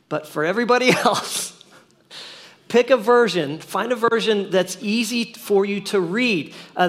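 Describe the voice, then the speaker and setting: Middle-aged male pastor with a high voice, casual joking sermon delivery in church. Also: fairly bright tone. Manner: folksy, conversational preaching with asides and humor. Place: church sanctuary.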